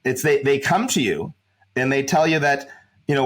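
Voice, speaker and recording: A man speaking as a guest employment advisor in a podcast conversation, emphatic and quick to repeat words when worked up. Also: medium pitch.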